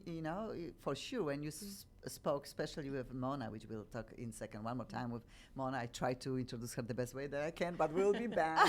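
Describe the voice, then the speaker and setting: A woman with a Polish accent hosting a radio talk show, excitable and laughing as she chats in broken English. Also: lowish voice. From Poland. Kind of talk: casual interview chat.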